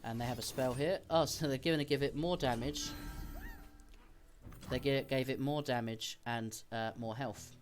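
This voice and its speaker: Male streamer, mid-pitched, talks through his game plays step by step, faint music underneath. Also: steady tone, normal speed. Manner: explains each decision, thinking aloud. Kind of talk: casual gameplay commentary.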